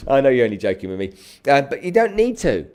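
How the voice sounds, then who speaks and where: A middle-aged man giving a lively sales coaching talk on a live stream, greeting viewers by name. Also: medium pitch, moderate pace.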